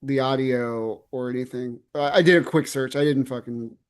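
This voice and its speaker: A man's voice: medium pitch, fairly even intonation, moderate pace, clean tone. A man on a podcast asking curious questions and swearing casually. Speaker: podcast co-host. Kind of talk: casual chat.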